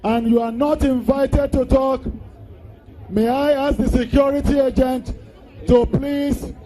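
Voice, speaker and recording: A man's voice: extremely high pitch, little pitch movement, measured pace, mellow, some chatter behind. A man speaking from the podium of an outdoor political rally, making formal, polite requests. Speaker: party official on the podium.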